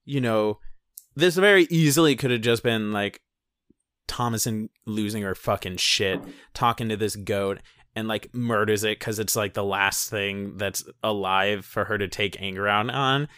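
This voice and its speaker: A man's voice: lowish voice, unhurried, fairly bright tone, smooth, dry recording, clean studio sound. A man co-hosting a casual chat about a film, rambling through the plot, swearing freely and laughing often. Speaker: podcast co-host.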